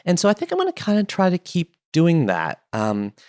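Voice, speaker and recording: A man hosting a solo podcast from his basement, chatty and playful, wandering off into quick jokes and asides. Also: a little high, huge pitch swings, darkish tone. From Canada. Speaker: podcast host. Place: home basement.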